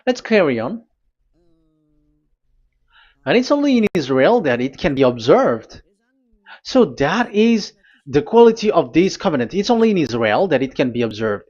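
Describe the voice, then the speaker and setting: A man preaching a teaching sermon at a board, pausing and repeating himself as he explains. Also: fairly high pitch, very animated, a little mellow, muffled recording. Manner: halting, repeats words, talks to a technician.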